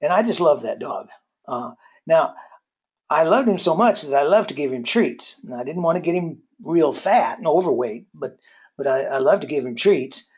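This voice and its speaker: Husky, slightly high-voiced male presenter. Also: animated, normal speed, darkish tone. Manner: hesitant, many filler words and restarts; folksy storyteller. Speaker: webinar presenter on workplace accountability. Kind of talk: relaxed webinar talk with personal anecdotes.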